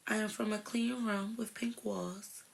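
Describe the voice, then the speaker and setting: A teenage girl with a Philadelphia accent, a high school senior, reading her own poem softly, close to a whisper. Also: steady tone, a little slow, creaky, low-quality recording. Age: teens. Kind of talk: soft, close poetry reading.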